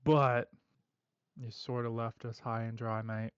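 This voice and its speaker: A menacing male warlock thug with an Australian accent, making calm threats and dropping "mate" everywhere, as a man puts him on. He speaks a little lower than his normal voice. The recording is dull and very dry. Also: measured pace, clean tone, no echo, natural voice.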